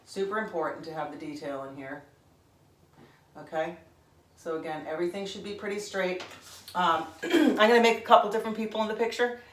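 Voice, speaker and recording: A woman's voice: lowish voice, brisk, reverberant, distant mic, a little hiss or hum. A woman in her forties from Connecticut, teaching a painting lesson in a chatty, rambling way, often checking in with "okay?". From Connecticut, USA. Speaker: art instructor. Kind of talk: painting tutorial with chatty asides.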